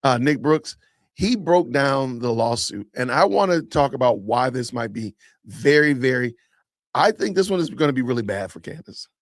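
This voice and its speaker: A man's voice: mid-range voice, lively intonation, normal speed, no echo, studio quality. Upbeat, chatty male podcast host. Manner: upbeat, chatty, shout-outs to the audience. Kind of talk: casual commentary chat.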